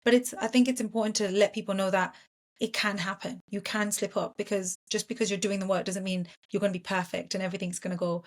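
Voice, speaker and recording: Quick-talking encouraging woman host. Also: medium pitch, fairly even intonation. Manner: encouraging, affirming listener. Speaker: podcast host, psychologist. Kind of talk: reflective podcast conversation.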